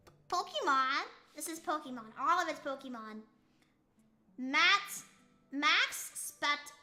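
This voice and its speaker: Young woman streamer, high and bright voice, goofy rambling chat, slight S lisp. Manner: goofy, rambling, playful tongue-twister attempts. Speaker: VTuber streamer. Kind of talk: casual live-stream chat reading chat.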